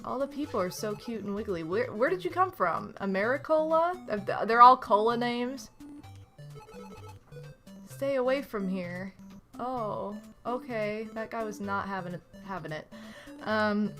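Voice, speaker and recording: A woman's voice: a little high, expressive, measured pace, fairly bright tone, soft background music. A woman in her thirties streaming a retro game, chatting casually, gushing and reading game text aloud. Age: 30s. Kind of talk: casual gameplay commentary.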